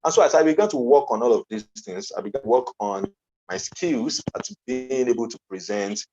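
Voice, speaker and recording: A man's voice: mid-range voice, expressive, fairly quick, mellow. A man with a Nigerian accent giving an earnest motivational conference talk as a coach, emphatic and repeating his key phrases. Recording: dull lo-fi online conference audio.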